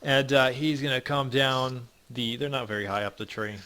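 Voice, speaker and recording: A young man as dungeon master, narrating a tabletop game with many ums and pauses. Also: mid-range voice, bright, forceful tone. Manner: halting, many ums, voices gruff figures in passing.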